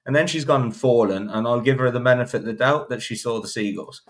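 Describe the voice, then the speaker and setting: A man's voice: mid-range voice, fast talker, heavy background noise. A man giving blunt, opinionated horse racing takes on a casual podcast, often restarting sentences. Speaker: podcast panelist.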